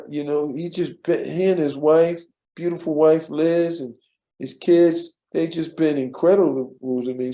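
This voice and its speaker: An older man recounts his years at a studio in a loose, conversational way, circling back with restarts and fillers. His voice sits a little high for a man but sounds warm and mellow. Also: creaky, reverberant. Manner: relaxed, rambling with many restarts and fillers. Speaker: interview guest, former studio assistant. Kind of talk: storytelling in a casual interview.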